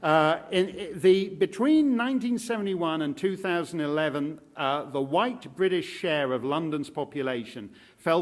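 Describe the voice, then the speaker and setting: A man's voice: a little high, moderate pace, hardly any pauses. A man giving a public lecture at a live event, speaking with wry, sardonic humor.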